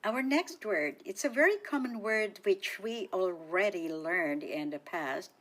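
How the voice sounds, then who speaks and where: A woman hosting a radio language lesson, speaking cheerfully in a sing-song teaching manner and slowly repeating each word for listeners. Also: medium pitch, fairly bright tone. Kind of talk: slow, clearly enunciated language lesson.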